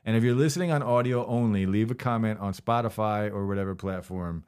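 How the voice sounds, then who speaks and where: A man's voice: fairly low pitch, fairly quick, darkish tone, clear, resonant tone. A man hosting a casual podcast, reading out questions, laughing easily, swearing and pushing back playfully. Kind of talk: casual chat.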